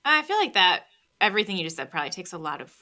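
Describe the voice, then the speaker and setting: Thirties woman host, bright and lively, casual chatty interviewer. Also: fairly low pitch, rapid-fire. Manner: chatty, hedging with "like". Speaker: podcast host.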